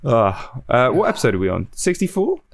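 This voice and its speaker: A young man co-hosting a podcast, jokey and quick to laugh and swear. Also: medium pitch, big pitch swings, vocal fry. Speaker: podcast co-host. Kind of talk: casual chat.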